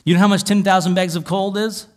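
Pastor preaching in a raised voice. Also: male voice, high-pitched, fairly even intonation, fast talker. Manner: reads scripture aloud and explains it conversationally, with wry asides. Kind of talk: sermon.

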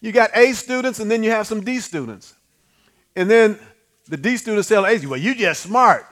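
A man's voice: high voice, moderate pace. A middle-aged man preaching a folksy sermon, calling out to the congregation and acting out the voices he quotes. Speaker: pastor.

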